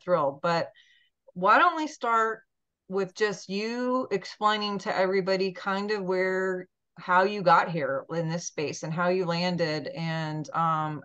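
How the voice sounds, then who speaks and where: A woman's voice: lowish voice, a bit bright. A woman hosting a podcast in casual chat, gushing and chatty with many ums, talking over a video call. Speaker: podcast host. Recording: dull lo-fi sound.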